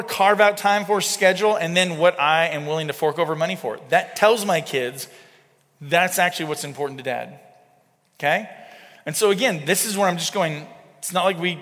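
Higher-voiced man preaching in a reverberant hall. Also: a bit bright. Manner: conversational preaching, addressing listeners as guys. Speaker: pastor. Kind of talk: sermon.

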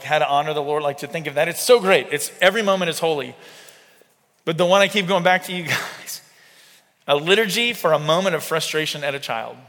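A man's voice: fairly high pitch, sharp tone. A man preaching a conversational sermon, talking to the congregation as "guys". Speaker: pastor. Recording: long hall reverb.

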